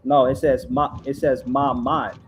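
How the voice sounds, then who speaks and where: A man in a casual heated debate, arguing his point, reading text aloud slowly and calling the other man "bro". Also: medium pitch, level tone, slight background noise, rough recording.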